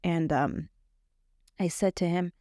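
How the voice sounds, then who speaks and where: A young woman telling a personal story as a podcast guest, halting, with many fillers and restarts. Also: lowish voice, mellow, dry recording, clean studio sound. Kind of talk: personal testimony in conversation.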